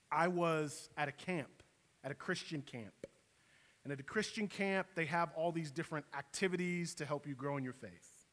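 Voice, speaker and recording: A man's voice: high-pitched, sharp tone, in a large hall. A man preaching a sermon in a casual, storytelling way, with conversational asides to the congregation. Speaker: pastor.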